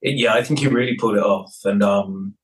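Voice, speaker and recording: A film director in casual interview chat, relaxed, with many fillers and restarts. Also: male voice, on the low side, brisk, rough recording.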